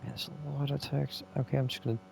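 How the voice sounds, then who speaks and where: A man's voice: medium pitch, level tone, fast, creaky, background noise. A man playing a game, reading in-game texts aloud and musing on the clues. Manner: musing, reacting aloud as he reads. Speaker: game player. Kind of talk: let's play commentary, reading in-game texts.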